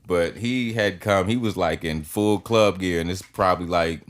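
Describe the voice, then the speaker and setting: A man's voice: deep voice, moderate pace. A man in his thirties, a podcast guest telling rambling anecdotes in a casual, profane way.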